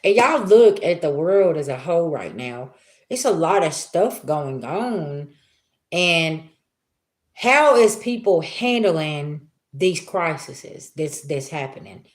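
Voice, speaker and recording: A woman reading on a live stream, talking in a chatty, emphatic way and throwing out rhetorical questions. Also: sits low. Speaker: live-stream spiritual reader. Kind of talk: casual live-stream monologue.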